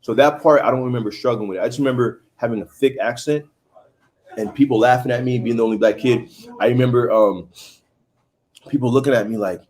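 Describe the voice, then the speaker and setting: A man's voice: mid-range voice, fairly even intonation, fast talker, a little mellow. A man in his thirties from Haiti, hosting a casual livestream, chatting and reading viewer comments aloud. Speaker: livestream host.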